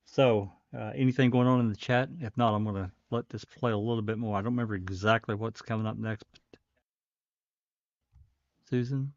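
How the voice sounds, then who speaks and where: A man hosting a casual livestream, talking in a rambling, halting way with a faint Southern American accent. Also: on the low side, steady tone, no room sound. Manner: rambling, halting, many fillers. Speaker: livestream host. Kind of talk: casual commentary. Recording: dull dry lo-fi stream.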